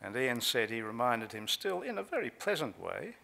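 A man giving a measured conference talk on a legal case, pausing often with fillers, speaking from a lectern microphone. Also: medium pitch, sing-song, gravelly, sharp tone. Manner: measured, with frequent filler pauses. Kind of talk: conference talk recounting trial transcripts. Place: conference hall.

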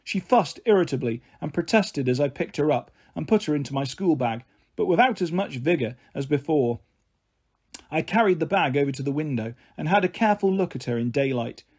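Husky-voiced man reading a children's story. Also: fairly high pitch. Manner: expressive, shifts voice for each figure. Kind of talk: audiobook reading of a children's novel.

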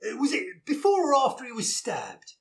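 Brief: man playing a pompous, bumbling inspector for a comedy sketch, high voice that swoops around, stammering bluster. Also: huge pitch swings, normal speed, fairly bright tone, exaggerated voice. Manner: blustering, stammering, chuckling at himself. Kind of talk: live comedy sketch reading.

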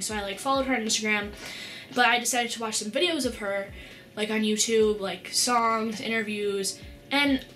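A teenage girl telling a story in a casual vlog, excited and rambling, with lots of "like" and restarts. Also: on the high side. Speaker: vlogger.

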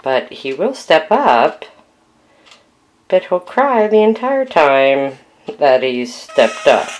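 A woman's voice: sits low, very animated, slow, a little mellow. A woman filming her parakeets at home, narrating and coaxing them in soothing baby talk. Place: home with pet birds. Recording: home video with clear background noise and bird cries.

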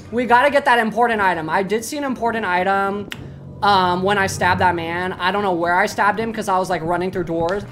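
A young woman streaming a horror game, swearing freely and breaking into yells and laughter as she talks to her chat. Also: mid-range voice, steady tone, fairly quick, soft background music. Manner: loud, swearing, bursts into yelling and laughter. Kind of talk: live gameplay commentary.

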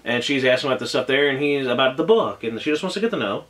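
A man's voice: mid-range voice, animated, fast, fairly bright tone. Gushing, rambling male anime reviewer. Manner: gushing and emotional, rambling with many restarts. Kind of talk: casual spoken episode review.

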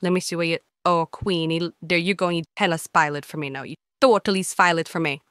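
A woman's voice: on the low side, fairly even intonation, fairly quick, a bit bright, clear, resonant tone, dry recording, clean studio sound. Scolding woman. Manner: blunt, scolding, talks straight to the listener. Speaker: channel host answering viewer comments. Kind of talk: scolding commentary.

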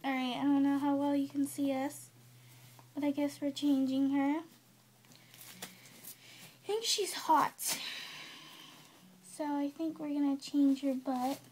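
A woman filming herself on her phone, softly hushing and soothing a baby while chatting casually to her viewers. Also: high voice, little pitch movement, slow, pauses often, slight background noise. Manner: soothing, hushing, often soft and whispery. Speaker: vlogger caring for a baby. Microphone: handheld phone.

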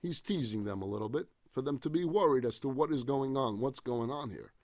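Male rabbi lecturing on scripture, expressive and conversational, with a slightly high, dry voice. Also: no room sound. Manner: expressive, reads verses then retells them in casual paraphrase. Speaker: rabbi teaching a class. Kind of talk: Bible study lecture.

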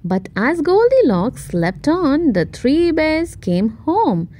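A woman reading a picture book aloud for children, expressive and speaking to the listeners. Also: sits high, slow pace. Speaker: children's storyteller. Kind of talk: read-aloud storytime narration.

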